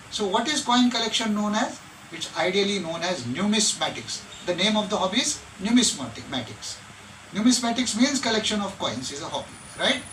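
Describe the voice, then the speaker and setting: A man's voice: high-pitched, sharp tone, a little hiss or hum. A man giving an earnest classroom lecture on interview preparation, asking his own questions and then answering them. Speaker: lecturer coaching students for officer selection interviews. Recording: roomy, from a distant mic.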